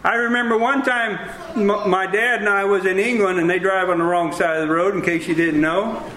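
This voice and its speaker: A man preaching a sermon, telling lively stories with acted-out dialogue. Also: sits high, fairly quick, a little hiss or hum. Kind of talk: sermon with storytelling. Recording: roomy echo.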